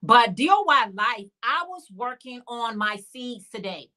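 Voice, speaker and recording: Bright-voiced woman chatting on a livestream. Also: on the high side, sing-song, a little slow. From Chicago area. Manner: chatty, reads out and answers viewer comments. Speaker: livestream host. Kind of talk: casual crochet livestream chat.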